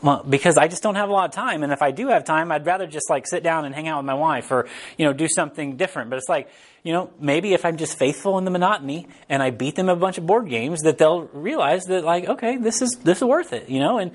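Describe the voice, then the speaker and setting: A man's voice: on the high side, fast. A man giving a casual, conversational sermon to a gathered group. He rambles informally and keeps checking in with his listeners. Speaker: preacher.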